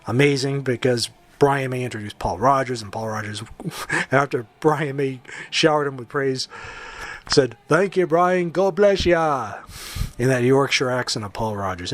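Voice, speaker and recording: A man's voice: medium pitch, fairly bright tone. A man hosting a solo podcast, talking casually with opinionated, jokey asides. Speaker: podcast host.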